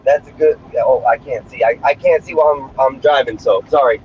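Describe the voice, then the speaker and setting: Inside a moving car, a male streamer with a mid-range, darkish voice rambles a little fast in a crude, brash, casual way. The phone picks him up muffled, with a faint hum of road noise.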